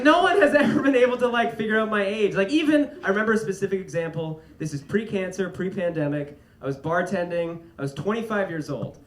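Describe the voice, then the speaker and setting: A young man doing a stand-up comedy set on stage, with a light, fairy-tale-like voice. He is animated and laughs through his punchlines. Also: high voice. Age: young adult. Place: comedy stage before a live audience. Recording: roomy live venue, loud audience noise.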